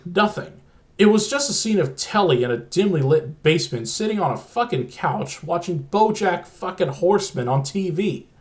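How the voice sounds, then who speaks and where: A man narrating a crude comedic horror story in a profane, exasperated way. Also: fairly high pitch.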